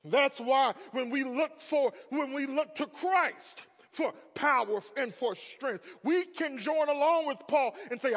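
A man in his thirties preaching a sermon as a pastor, swinging from hushed tones to loud emphatic peaks. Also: very high voice, a little slow, few pauses. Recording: muffled sound in a large reverberant hall.

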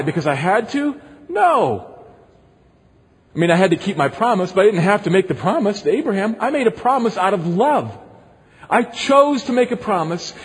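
A man's voice: high voice, slightly rough, exaggerated voice. A man voicing God as a loving father who asks rhetorical questions, in a long echoing hall. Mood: insistent. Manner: rhetorical questions, pleading and insistent.

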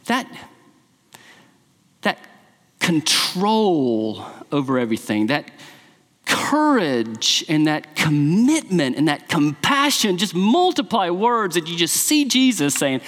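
Impassioned preacher man with lively pitch. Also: slow. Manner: impassioned, rising to quoted speech with emphasis. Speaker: pastor. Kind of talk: sermon. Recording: long hall reverb.

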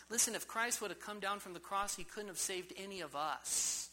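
A man's voice: sits high, moderate pace, few pauses, pushed and bright, poor audio. A man preaching a sermon in a church service, emphatic and full of rhetorical questions to the congregation. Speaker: pastor.

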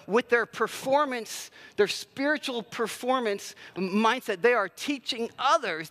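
A man's voice: extremely high pitch, a bit bright. A man preaching a sermon in a conversational, self-deprecating way with plenty of filler words. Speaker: pastor.

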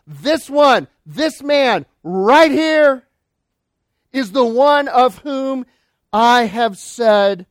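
Emphatic high-voiced male preacher. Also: dry recording, clean studio sound. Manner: emphatic preaching, swinging between loud declarations and quiet lines. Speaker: pastor. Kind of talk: sermon.

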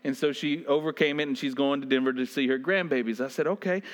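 A man preaching a sermon, reading scripture and then telling a personal story in an animated way, often laughing as he goes. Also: medium pitch, quick pace. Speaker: pastor.

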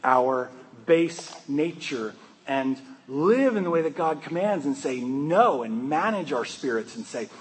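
Conversational male preacher, slightly higher voice. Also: lively intonation, a little slow, husky, rough recording. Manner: conversational, humorous, asks the congregation questions. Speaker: pastor. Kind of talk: sermon.

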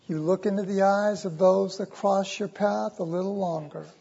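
A man preaching a sermon in a church, impassioned and urgent, repeating his words and swinging between loud and hushed. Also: sits high, fairly even intonation, moderate pace, creaky, husky. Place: church sanctuary. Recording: dull recording with long church reverb.

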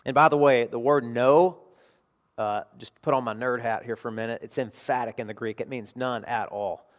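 A middle-aged man preaching a sermon as pastor, emphatic and animated, dropping to quiet asides between bursts. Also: mid-range voice, normal speed.

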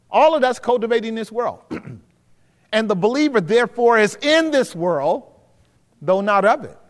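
High-voiced preacher in an echoing hall. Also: male voice. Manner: preaching with rhetorical questions to the congregation; often drops to a low, quiet voice, then rises for emphasis. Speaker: pastor. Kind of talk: sermon teaching. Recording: hall with long reverb.

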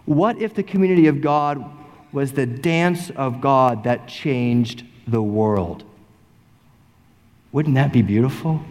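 Animated male pastor in a reverberant sanctuary. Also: mid-range voice, slow pace. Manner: animated, rhetorical, repeats questions for emphasis. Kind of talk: sermon. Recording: long reverb in a large sanctuary.

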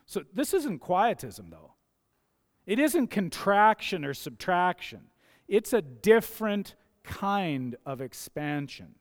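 Pastor, male, high-pitched and gravelly, emphatic sermon delivery in a reverberant church hall. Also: big pitch swings, takes it slowly. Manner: emphatic, repeats key phrases for stress. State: gravelly, dusty throat.

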